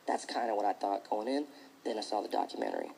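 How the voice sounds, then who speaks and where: Animated male stand-up comedian. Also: lowish voice, quick pace, creaky, slight background noise, low-quality recording. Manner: animated, jumps into mocking voices. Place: comedy stage before an audience.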